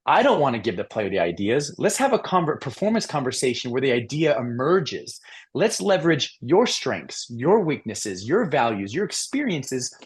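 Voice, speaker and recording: A middle-aged man speaking in an interview, with a voice of ordinary pitch. He talks earnestly about his coaching work and acts out quoted voices as he tells stories. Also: very animated, normal speed. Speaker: mental performance coach, guest. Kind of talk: conversational storytelling interview.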